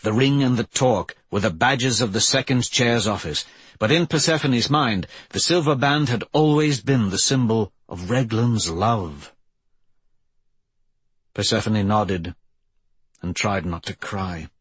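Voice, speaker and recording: A man narrating an audiobook in a measured, even reading voice, slightly husky. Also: fairly low pitch, dry recording. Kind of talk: scripted narration.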